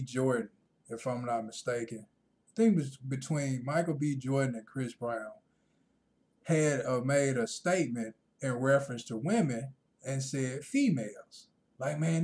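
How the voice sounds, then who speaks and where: A man ranting in a casual vlog monologue, rambling and repeating himself, growing loud and animated when he retells conversations. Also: medium pitch. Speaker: vlogger.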